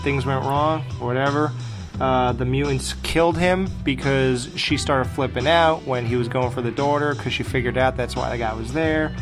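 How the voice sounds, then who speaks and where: A man's voice: mid-range voice, moderate pace, music in the background. A man co-hosting a horror movie podcast, joking and swearing in casual chat. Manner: profane, joking. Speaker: podcast co-host.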